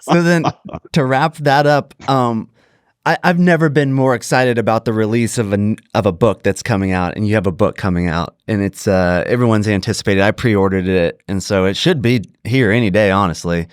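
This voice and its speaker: A man's voice: fairly low pitch, normal speed, clean tone, dry recording, clean studio sound. A man co-hosting a podcast, asking questions in a joking, easygoing chat. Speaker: podcast co-host. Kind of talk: casual interview chat.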